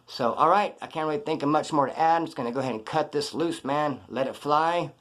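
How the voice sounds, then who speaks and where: A man's voice: on the high side, a little fast, fairly bright tone. A man casually telling a prison story in blunt, profane street slang.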